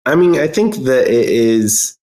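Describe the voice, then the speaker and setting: A man speaking earnestly as a podcast guest, halting and restarting often. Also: medium pitch, sing-song, darkish tone, reverberant. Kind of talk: casual interview talk.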